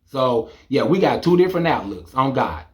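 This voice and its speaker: A young man ranting to camera in a casual, incredulous, animated monologue. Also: medium pitch, normal speed. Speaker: vlogger.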